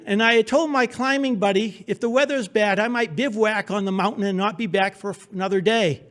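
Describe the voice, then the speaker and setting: A man with a noticeably high speaking voice tells a true adventure story in front of a theater audience. His delivery is wry and humorous, narrating in a vivid present tense that pulls listeners into the moment. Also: fairly quick, fairly bright tone. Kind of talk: live personal storytelling on stage. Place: theater stage before an audience.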